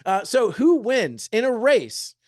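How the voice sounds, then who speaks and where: A man in his thirties, a real estate agent giving an energetic, joking motivational talk and peppering the room with rhetorical questions. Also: very high-pitched, slow pace, dry recording, clean studio sound. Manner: joking, upbeat. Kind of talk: motivational presentation to an audience.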